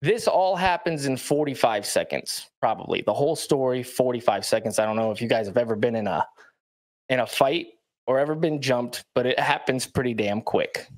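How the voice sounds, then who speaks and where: A man's voice: mid-range voice, moderate pace. Blunt, emphatic male athlete recounting. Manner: blunt, emphatic, keeps checking in with "okay?". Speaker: professional athlete telling his story. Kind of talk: storytelling in a played clip.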